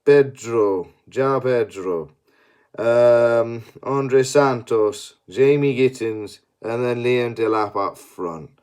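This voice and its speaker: Sweary football fan ranting. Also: male voice, medium pitch, slow, a little mellow, clear, resonant tone. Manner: sweary and exasperated. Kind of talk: post-match analysis rant.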